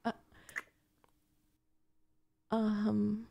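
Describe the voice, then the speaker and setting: A woman's voice: mid-range voice, completely flat delivery, very slow, gravelly, no echo, muffled recording. A young woman voicing a possessive, jealous gamer girl in an audio role-play, talking in a bossy, defensive, flustered way. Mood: flustered, angry. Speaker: voice actress.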